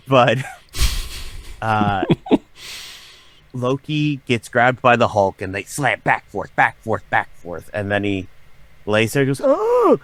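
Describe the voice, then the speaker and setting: A writer and voice actor in his forties shares personal stories in a candid podcast conversation, animatedly acting out the voices of the people he quotes. He speaks slowly in a lowish voice, pausing often, with no echo.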